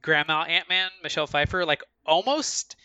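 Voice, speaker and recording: Bright, higher-voiced man reviewing films. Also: normal speed, clean tone, dry recording, lo-fi sound. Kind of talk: casual movie review chat.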